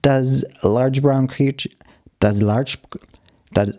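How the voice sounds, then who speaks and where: A man calmly reading a short story aloud, narrating in the halting first-person voice of a dog. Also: mid-range voice, no room sound.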